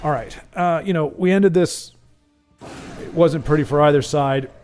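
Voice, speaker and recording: A man's voice: fairly high pitch, moderate pace, darkish tone, soft background music. A man hosting a livestream, chatting casually and jokingly with viewers, often correcting himself as he rambles. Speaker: livestream host.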